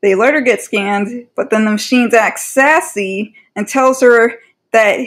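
A woman with a fairly high voice talks through her opinions in a rambling, exasperated way. She often breaks off and restarts her sentences, and fillers come up constantly. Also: unhurried. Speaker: commentary creator. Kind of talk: casual opinion commentary.

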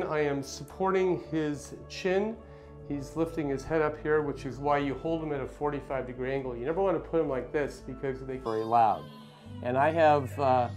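Gentle, reassuring man, somewhat high-pitched. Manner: gentle, reassuring, plain explaining. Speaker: pediatrician. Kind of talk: demonstration with instructions to parents. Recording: faint music behind.

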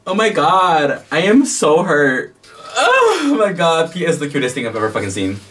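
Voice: medium pitch, huge pitch swings, moderate pace, a bit bright. A vlogger reacting to a romance series, exclaiming, squealing and swearing freely while watching. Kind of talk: excited reaction commentary. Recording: distant mic.

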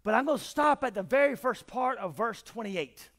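A man preaching a sermon as pastor, swinging from shouts to quiet talk. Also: very high-pitched, animated, normal speed. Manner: preaching, often shouting and then dropping quiet. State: out of breath.

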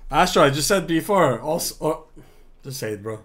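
A man's voice: on the high side, animated, moderate pace, fairly bright tone, slight background noise. A young man hosting a livestream reaction, loose and joking, talking straight to viewers. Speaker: reaction channel host. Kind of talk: casual livestream reaction chat.

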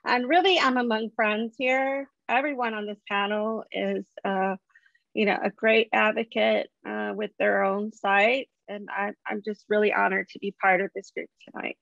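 A woman's voice: medium pitch, steady tone, moderate pace, creaky, no room sound, dull audio. A woman founder of an online support community speaking heartfelt and grateful on a video-call panel. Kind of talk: panel conversation.

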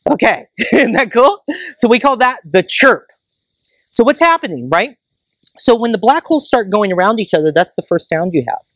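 An astronomer gives a public science lecture at a planetarium, enthusiastic and explaining with plain everyday comparisons. The speaker keeps checking in with the audience with a quick "right?". The voice sits in a middle pitch and is recorded dry, with little room sound. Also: very animated, fairly bright tone, no echo.

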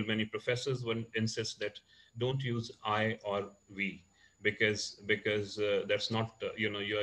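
A man's voice: fairly low pitch, pushed and bright, poor audio. A man giving an online lecture, hesitant, with many fillers and restarts. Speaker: guest speaker, lecturer. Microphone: computer or phone mic on a video call.

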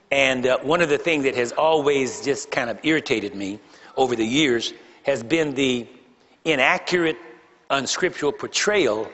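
A male pastor preaching to his congregation, his voice carrying through a church hall with a long, lingering reverb. He mixes playful teasing of the crowd with heavy emphasis on single words and repeated phrases, at a middling pitch. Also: a bit bright. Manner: joking, teasing the congregation between emphatic points. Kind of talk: sermon. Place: church sanctuary before a congregation.

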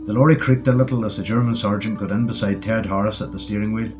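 Low-voiced man narrating a war story. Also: fast. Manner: steady storytelling. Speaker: audiobook narrator. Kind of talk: scripted narration. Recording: dull lo-fi audio with faint music.

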